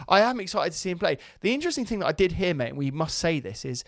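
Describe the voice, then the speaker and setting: Matey man, slightly high voice. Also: very animated, racing, creaky, fairly bright tone, no room sound, clean studio sound. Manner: matey, laughs often, says "mate". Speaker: podcast host. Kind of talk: casual football chat.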